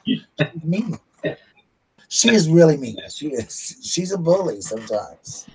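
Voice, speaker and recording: Husky-voiced man telling stories. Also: a little high, expressive, a little slow, poor audio. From United States. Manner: chatty, laughs at his own stories. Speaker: vlogger. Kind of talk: casual storytelling.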